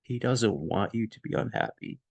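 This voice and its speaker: A man quoting a kind woman psychic who comforts a stranger, in a soft, hushed manner. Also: on the low side, expressive, normal speed, vocal fry, breathy edge, dry recording, muffled recording, exaggerated voice. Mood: soothing. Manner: soft, soothing, hushed retelling.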